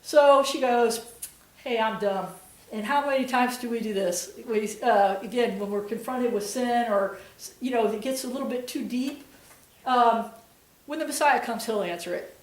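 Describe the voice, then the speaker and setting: A woman's voice: on the high side, normal speed, roomy sound, distant mic, poor audio. A woman guest preacher giving a conversational sermon, retelling scripture in casual everyday voices.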